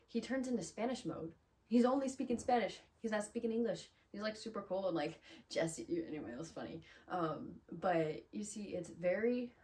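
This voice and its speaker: A woman giving a casual, chatty video lesson as a Spanish teacher, upbeat and full of "like" and "um". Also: on the low side. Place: small closet room.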